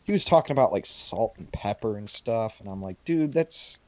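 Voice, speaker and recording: A man's voice: fairly low pitch, lively intonation, a little fast, darkish tone, no echo. A man co-hosting a podcast, chatting casually over a call, rambling and swearing freely. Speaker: podcast co-host. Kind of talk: casual chat. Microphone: video call.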